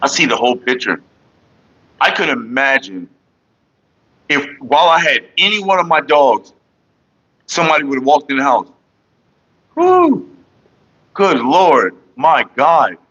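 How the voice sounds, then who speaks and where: A man's voice: mid-range voice, sing-song, a little slow, long pauses, slightly rough, dull audio. A man chatting casually and profanely on a morning livestream, rambling to his viewers and his partner. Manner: sings loudly and off-key at times. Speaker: vlogger.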